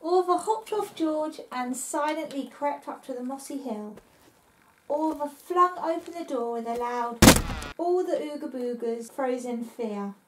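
A woman reading her own adventure story aloud in a plain, steady narrating voice. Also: high voice, measured pace, roomy sound, background noise.

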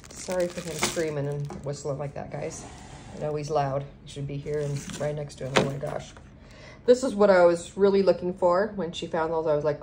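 Woman with a low voice, casual unboxing chat, gushing and chatty, noisy home recording. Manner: gushing, chatty, lots of ums. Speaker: craft vlogger.

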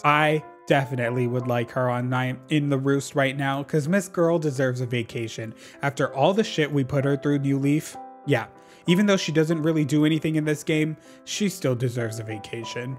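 A young man narrating his gameplay with a sassy, theatrical edge, throwing quick remarks at the characters as he plays. His voice sits at an ordinary middle pitch. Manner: sassy, dramatic, quick asides to the game characters. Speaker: gaming YouTuber. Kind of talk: playful gameplay commentary.

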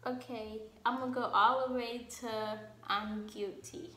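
A woman's voice: on the high side, little pitch movement, normal speed, a bit bright, reverberant, faint music behind. A young woman vlogging casually, chatty and giggly, talking to herself as she texts. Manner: chatty, giggly, talks to herself while texting. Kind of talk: casual chat.

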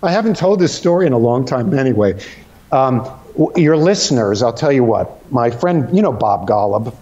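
A middle-aged man from Connecticut, a comedian guest telling a story with lively energy and frequent high laughter, talking from his home. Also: moderate pace, dull audio. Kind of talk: animated comic storytelling.

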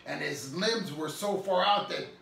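A man's voice: on the high side, unhurried, creaky, a bit bright. Man preaching a sermon, emphatic and earnest, echoey room, speaking from a distance. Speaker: pastor.

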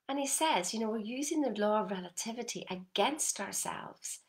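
A middle-aged woman coaching viewers in a motivational talk, emphatic and animated, often checking in with "yeah?". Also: a little high, normal speed, hardly any pauses. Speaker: personal development coach.

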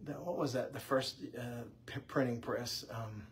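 A man's voice: mid-range voice, unhurried, slight background noise. A man teaching an informal church Bible class, conversational and full of anecdotes. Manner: conversational, anecdotal, lively delivery.

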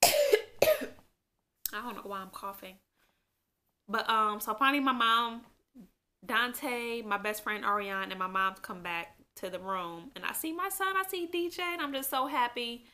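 A woman's voice: a little high, measured pace, long pauses, sharp tone. A young woman telling her own story in a casual sit-down vlog, rambling with many fillers and growing emotional at times. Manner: emotional, eyes welling up at times. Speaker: vlogger.

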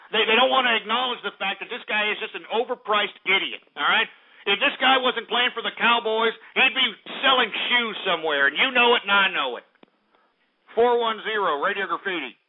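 A man's voice: sits high, a little fast. A man playing an angry, swearing host of a comedic call-in radio show who insults every caller. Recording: tinny phone-like audio.

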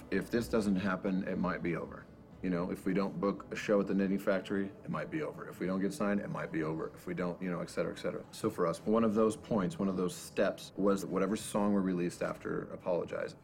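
A man's voice: low voice, fairly even intonation, quick pace, creaky, darkish tone. A man, a band member, telling his story casually and reflectively in a documentary interview.

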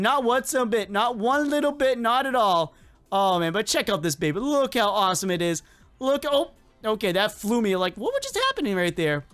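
A gaming channel host giving excitable, chatty let's-play commentary, often repeating the same phrase several times. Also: mid-range voice.

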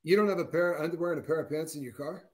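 Animated man in his fifties. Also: very fast. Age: 50s. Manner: animated storyteller, acts out quotes with big pitch jumps. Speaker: co-host. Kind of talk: casual chat.

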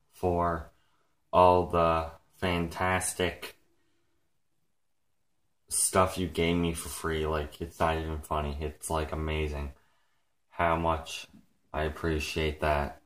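Slow, low-voiced man rambling excitedly. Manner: rambling, heavy use of "like" and "frickin'"; excited and emotional, close to tears. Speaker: vlogger. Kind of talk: casual vlog talk.

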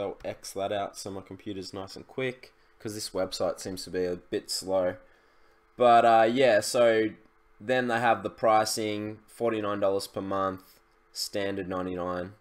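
A man's voice: on the low side, level tone, moderate pace. A young man, chatting casually through a screen-share tutorial, loose and full of fillers and restarts. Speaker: e-commerce YouTuber.

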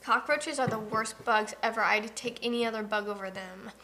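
A woman's voice: a little high, normal speed, bright, forceful tone. A young woman co-hosting a livestream in casual chat, telling stories and reading viewer comments aloud. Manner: chatty storytelling, reads viewer comments aloud. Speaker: livestream co-host.

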